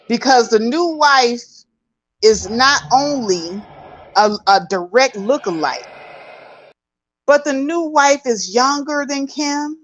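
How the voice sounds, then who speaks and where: A woman hosting a casual gossip commentary, talking in an emphatic, chatty, drawn-out way. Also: a little high, slight background noise, low-quality recording. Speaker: host.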